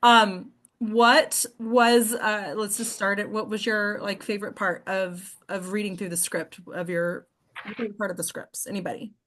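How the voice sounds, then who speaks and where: A woman's voice: mid-range voice, level tone, normal speed, fairly bright tone. Encouraging woman leading an acting workshop. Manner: encouraging, keeps checking in with "right?". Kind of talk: casual group discussion.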